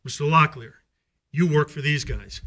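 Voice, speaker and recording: A man speaks angrily at a school board public comment period, hurling accusatory questions. His voice is bright and tense, slightly high for a man. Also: normal speed. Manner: angry, accusatory, rhetorical.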